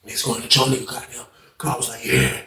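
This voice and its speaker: A man telling a story in a casual, profane, animated way, acting out what others said. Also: mid-range voice, quick pace, reverberant, a crowd in the background. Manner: animated, profane, acts out quoted speech.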